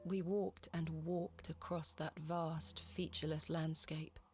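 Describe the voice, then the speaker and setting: A woman's voice: deep voice, flat delivery, slow pace. An actress playing a composed, polite young woman archaeologist who narrates and speaks in a video game. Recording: game voice with music behind.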